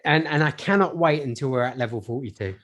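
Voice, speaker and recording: A man's voice: medium pitch, fast, fairly bright tone. A man co-hosting a comedy podcast with dry, punning banter. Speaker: podcast co-host. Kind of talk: casual comedy chat.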